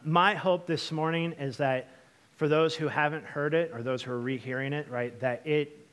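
A young man from Washington state preaching a storytelling sermon, chatty and lively, with lots of fillers and asides to the congregation. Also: mid-range voice. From Washington state, USA. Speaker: pastor.

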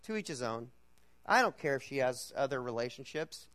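A man preaching to an audience, telling a personal story in a loose, halting way with many fillers and restarts. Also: medium pitch, sing-song, a bit bright.

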